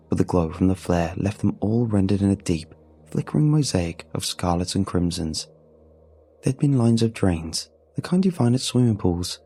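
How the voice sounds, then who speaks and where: A man narrating a first-person horror story in a steady, measured way. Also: low voice, slightly rough.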